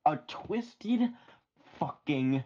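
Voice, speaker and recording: A man's voice: on the high side, expressive, extremely slow, dark tone, husky. A young man co-hosting a casual podcast among friends, crude and teasing, on a dull lo-fi mic. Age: young adult. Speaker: podcast co-host.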